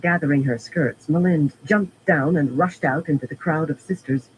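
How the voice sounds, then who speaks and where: A man narrating a fantasy audiobook in a steady, even reading. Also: fairly high pitch, moderate pace, slight background noise, poor audio. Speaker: audiobook reader.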